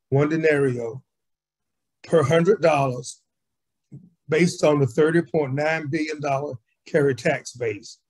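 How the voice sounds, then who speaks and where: A man reading a prepared speech on housing funding at a virtual community assembly, measured and deliberate. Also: fairly high pitch, darkish tone, husky. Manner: measured, read-aloud policy speech. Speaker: community organizer speaker. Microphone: video call.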